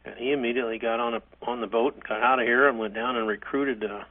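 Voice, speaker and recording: An older man, a hotel chairman, telling stories from his career in a halting, rambling way with frequent restarts. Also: mid-range voice, steady tone, narrow, tinny audio. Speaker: interview guest, hotel chairman. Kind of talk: reminiscing interview.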